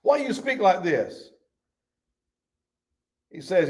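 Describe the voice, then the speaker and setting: A man's voice: high-pitched, sing-song, slow, pauses often, a little mellow, lo-fi sound. A man teaching a Bible study in a folksy, emphatic way, reading scripture aloud.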